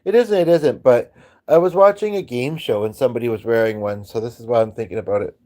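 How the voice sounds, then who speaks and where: A man's voice: mid-range voice, quick pace, mellow. Rambling man chatting casually. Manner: hesitant, many ums and restarts, chuckles often. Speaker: host of a music and chat stream.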